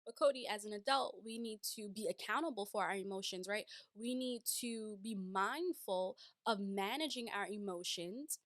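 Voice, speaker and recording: A woman talks straight into the mic in a casual reaction commentary, pressing her points with rhetorical questions. Her voice sits a little high, and the sound is dry and close. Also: dry recording. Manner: animated, emphatic, rhetorical questions. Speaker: reality TV commentator.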